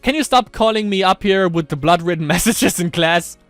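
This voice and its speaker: A man's voice: high-pitched, a little fast, fairly bright tone, no room sound, soft background music. A man reading as a fed-up schoolgirl. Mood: exasperated. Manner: dry and exasperated. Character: exasperated high-school girl.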